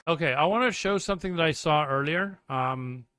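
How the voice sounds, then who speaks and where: A man's voice: fairly high pitch, fairly quick, a bit bright, a little hiss or hum. A man hosting a livestream, rambling casually and reading chat messages aloud and answering them. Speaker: livestream host. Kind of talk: casual live commentary.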